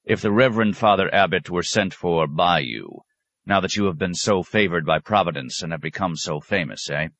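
A man's voice: deep voice, normal speed, fairly bright tone, no echo. A man voicing a stern, sarcastic abbot who questions a novice with cutting mockery. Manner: mocking, cutting, sometimes roaring.

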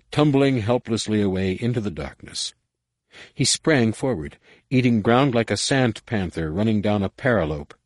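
Low-voiced man narrating a thriller. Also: dry recording. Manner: dramatic, measured storytelling. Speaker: audiobook narrator. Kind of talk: scripted narration.

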